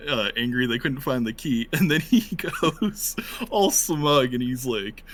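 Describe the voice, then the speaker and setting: At a tabletop game, a player tells an anecdote in casual chat, animatedly acting out the quoted lines. His voice is mid-range and unhurried.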